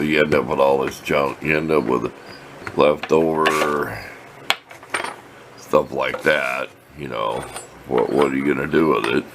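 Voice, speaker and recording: Older man, very deep voice, lively up-and-down delivery, folksy rambling workshop talk, faint room hum. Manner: folksy, rambling, plain-spoken. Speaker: workshop video host. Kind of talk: casual workshop show-and-tell. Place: home workshop.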